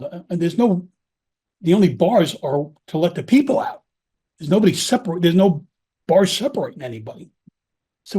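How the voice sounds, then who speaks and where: There are long pauses as this middle-aged man, at a moderate pace, tells a podcast audience about being in prison. Blunt, animated and full of curses, he sounds like a casual interview guest, his somewhat high male voice carrying a soft, husky tone.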